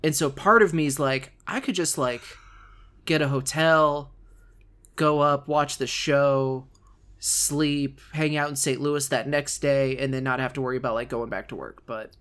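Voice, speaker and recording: A man hosting a wrestling podcast, chatting casually and joking with his co-host, talking fast and with enthusiasm. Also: mid-range voice, steady tone, a bit bright.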